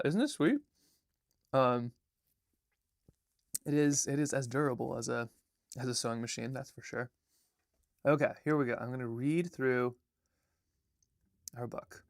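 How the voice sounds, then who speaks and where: A man's voice: mid-range voice, steady tone, moderate pace, pauses often, dry recording, studio quality. A man hosting a livestream in a casual, rambling way, chatting with viewers and stopping often to apologize and restart. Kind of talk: casual livestream chat and read-through.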